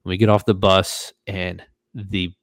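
Low-voiced man, animated storyteller. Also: slow, no room sound. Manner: animated, acts out quoted voices. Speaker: podcast host. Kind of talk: casual storytelling.

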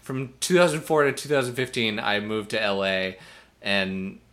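A man talking casually on a podcast with a bright, forward voice. He is chatty and laughs easily, reading out bits of information as he goes. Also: lowish voice, fairly even intonation, moderate pace. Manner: chatty, laughs often, reads out facts. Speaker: podcast co-host. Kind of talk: casual chat.

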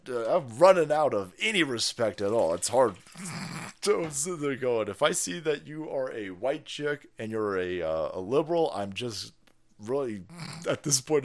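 Profane live-stream commentary comes from a ranting, middle-aged man who laughs often. His volume lurches between loud outbursts and under-the-breath mutters.

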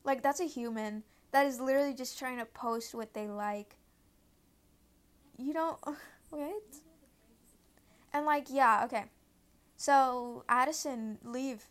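A teenage girl with a high voice hosts a casual podcast from home, rambling and swearing freely. She talks slowly, pauses often, and easily loses her train of thought.

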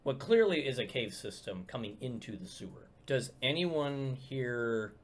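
A man running a tabletop game as game master, talking in a halting way with many fillers and restarts. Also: medium pitch, big pitch swings. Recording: loud background guitar music.

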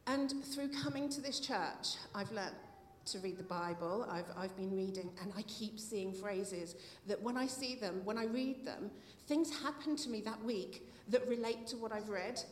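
A woman's voice: mid-range voice, normal speed, hardly any pauses. A middle-aged woman giving a heartfelt personal testimony at a church meeting, at times near tears. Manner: heartfelt, tearful at times, with soft laughs. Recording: echoey hall with faint noise.

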